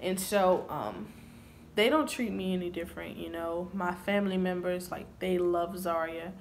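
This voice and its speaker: A woman's voice: fairly low pitch, normal speed, slight background noise. A young woman vlogger telling a personal story to camera in an earnest, confessional way.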